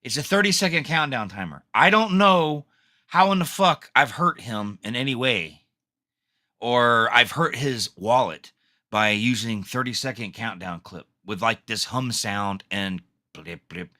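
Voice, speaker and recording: A man's voice: medium pitch, animated, measured pace, sharp tone. A man hosting his own podcast, ranting angrily and swearing heavily in a solo talk. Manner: angry, profane ranting. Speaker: podcast host. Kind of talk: solo rant.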